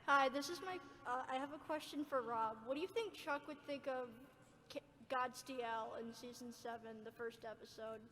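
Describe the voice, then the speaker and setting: A woman's voice: high voice, moderate pace, pushed and bright. A woman fan asking a question at a convention and earnestly explaining the episode. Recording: echoey hall, faint noise.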